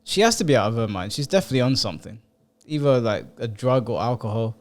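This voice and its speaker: A man's voice: medium pitch, expressive, fast. A man co-hosting a casual reaction video, trading crude, laughing banter. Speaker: reaction co-host.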